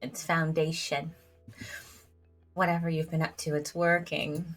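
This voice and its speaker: Over soft background music, a woman streaming a story game reads the dialogue aloud in a giggly, chatty way, leaning heavily on "like". Her voice is low with a flat delivery and a measured pace.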